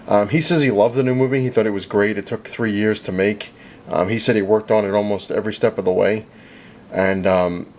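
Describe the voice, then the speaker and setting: A man's voice: on the low side, a little mellow, a little hiss or hum. A young man chatting casually as a vlogger, rambling with lots of fillers and retelling conversations. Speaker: vlogger recapping a comic convention. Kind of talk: casual chat.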